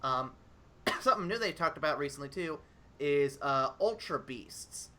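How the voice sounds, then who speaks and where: A man's voice: on the high side, lively intonation, a little slow, bright, forceful tone. A man hosting a podcast, running through game news in a loose, profane way with frequent ums and laughs. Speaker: podcast host. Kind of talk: casual podcast chat.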